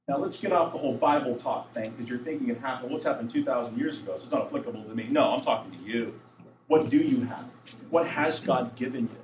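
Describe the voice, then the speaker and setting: A man's voice: on the high side, a little hiss or hum. A man preaching a casual, chatty sermon who acts out the voices of the people in the story and asks his listeners questions. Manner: animated, acts out voices of Jesus and the apostles. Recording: roomy and a bit distant, faint room ambience.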